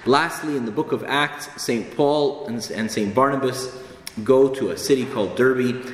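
A man's voice: medium pitch, moderate pace, slight background noise. A man preaching a sermon in an earnest, emphatic way, repeating phrases for stress. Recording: echoey hall with long reverb, faint ambience.

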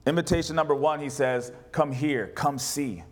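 A man with a fairly high voice preaches to his congregation. He reads scripture aloud and keeps putting questions to the room. He speaks in a sermon style. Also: normal speed. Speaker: pastor.

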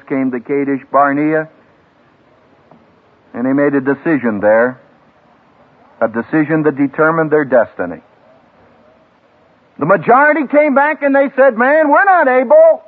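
A man preaching a sermon to a graduating class as a seminary professor, emphatic and dramatic, with big swings in pitch and loudness. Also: normal speed, pauses often. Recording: tinny lo-fi archival radio broadcast.

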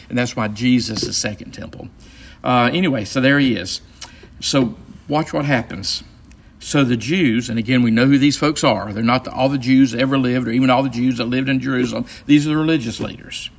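A pastor with a gravelly, creaky voice teaches a Bible study. He explains in a relaxed, conversational way, often pausing and restarting his sentences. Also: mid-range voice.

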